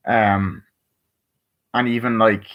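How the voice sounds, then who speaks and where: A man giving a casual movie review, rambling and swearing freely as he acts out scenes in quick voices. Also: on the low side, flat delivery, lo-fi sound.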